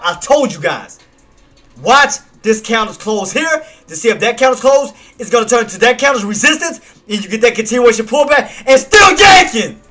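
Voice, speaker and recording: A man hosting a live trading stream, hyped and slangy, shouting and laughing between chart calls. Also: very high voice.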